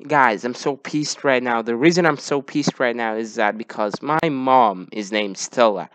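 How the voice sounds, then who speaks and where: Male reaction host, casual and indignant, with a smooth voice and a dry, close sound. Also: medium pitch, normal speed, few pauses, a bit bright, no room sound. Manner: outraged exclamations.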